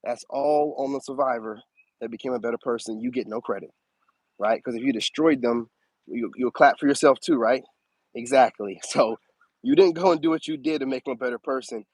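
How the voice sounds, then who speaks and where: A man's voice: a little fast, slightly rough, no echo, low-quality recording. Man preaching on his stream, voice jumps way up when he stresses stuff, dry close mic. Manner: animated, preachy, swoops up high for emphasis. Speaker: spiritual advice streamer. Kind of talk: casual live-stream monologue.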